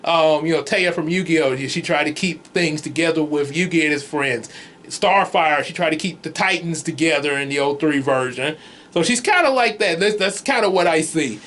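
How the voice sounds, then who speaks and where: A man with a high, light voice talks through a film review in an easy, rambling way, breaking into chuckles and circling back on his words. It sounds like relaxed, unscripted chat for his video channel. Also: moderate pace, a little hiss or hum. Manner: rambling, chuckles often, many restarts. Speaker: comics vlogger reviewing a movie. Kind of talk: casual movie review chat.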